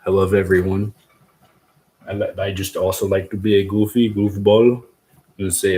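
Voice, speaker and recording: Working through a DIY agar method on a casual livestream, this host keeps up a goofy, rambling chat with his viewers. He has a low, warm voice with a level tone and moderate pace, broken by long pauses.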